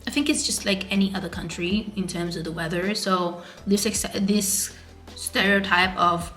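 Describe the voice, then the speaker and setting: A woman's voice: mid-range voice, fairly even intonation, normal speed, fairly bright tone, faint music behind. A young woman, chatting casually in a vlog and rambling with lots of filler words. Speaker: vlogger.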